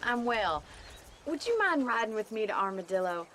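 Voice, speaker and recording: A woman's voice: a little high, normal speed, a little hiss or hum. A spirited young ranch woman. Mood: friendly. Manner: lively, playfully challenging. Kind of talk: video game dialogue.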